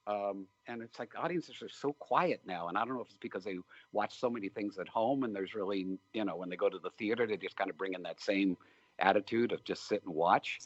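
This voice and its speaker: Older guy rambling thru interview stories, deep voice, dry muffled sound. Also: brisk, no room sound. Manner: rambling, storytelling, many fillers. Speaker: film director being interviewed. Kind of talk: relaxed interview talk.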